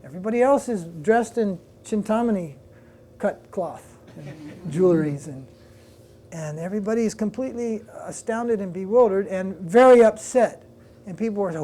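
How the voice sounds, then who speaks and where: An older man, a swami, giving a religious class, lively retelling a devotional story with quoted voices and pausing to recall details. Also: high voice, a little hiss or hum.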